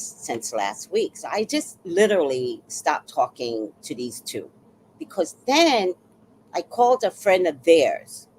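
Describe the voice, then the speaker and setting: Animated woman telling a story. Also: deep voice, slight background noise, low-quality recording. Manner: animated, acts out quoted voices. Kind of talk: casual storytelling monologue.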